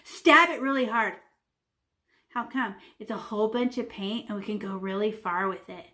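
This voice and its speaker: A woman teaching children a painting lesson, talking as she paints, playful and animated with little sound effects. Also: medium pitch, normal speed. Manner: talks while painting, demonstrating step by step. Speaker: art teacher.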